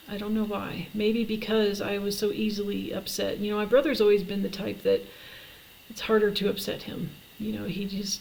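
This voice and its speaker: Middle-aged woman, gravelly vlogger voice, halting and reflective, faint hiss behind. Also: mid-range voice, rough recording. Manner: halting, reflective, with frequent fillers and restarts. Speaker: vlogger telling her life story. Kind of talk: personal storytelling to camera.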